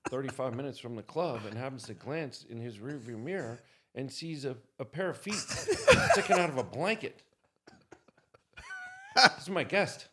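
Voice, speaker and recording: A man telling an anecdote as a podcast guest, animated and acting out the people in his story. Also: medium pitch, normal speed, slight background noise.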